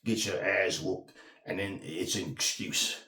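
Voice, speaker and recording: A man's voice: sits low, steady tone, measured pace, sharp tone, roomy sound. A man, ranting emphatically and profanely as host of a boxing talk channel, often repeating himself. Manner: profane, emphatic, repeats himself, slips into mocking quoted voices. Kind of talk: heated casual rant.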